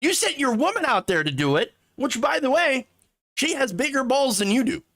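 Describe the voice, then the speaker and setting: A man's voice: extremely high pitch, sing-song, moderate pace, fairly bright tone. A man hosting sarcastic political commentary, mocking and mimicking the people he talks about. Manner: mocking, with exaggerated mimicking voices.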